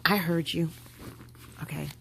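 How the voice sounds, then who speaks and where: Woman vlogger, low raspy voice, chatty and animated, faint room noise. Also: measured pace. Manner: chatty, animated, talking to viewers while packing a bag. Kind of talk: casual chat.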